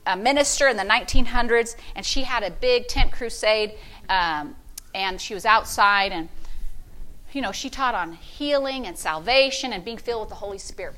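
A woman pastor preaching a fervent sermon, with call-and-response and sudden loud shouts of praise. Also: a little high.

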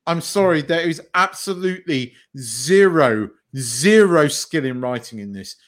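Ranting podcast co-host. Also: male voice, fairly high pitch, lively intonation, a little slow. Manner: blunt, ranting, sweary. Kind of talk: casual chat.

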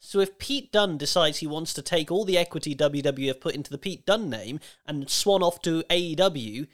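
A man co-hosting a casual wrestling podcast, who lays out his arguments in a reasoned, debating tone with quick asides. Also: on the high side, animated. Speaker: podcast co-host.

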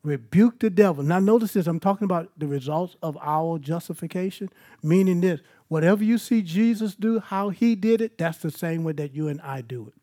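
High-voiced emphatic male preacher. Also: fairly quick, warm tone. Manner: emphatic and conversational, mixing scripture with personal stories. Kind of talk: sermon. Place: evening church service.

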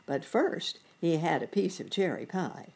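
A woman reading a children's storybook aloud with an animated, lilting delivery. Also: fairly low pitch, unhurried, vocal fry, breathy edge.

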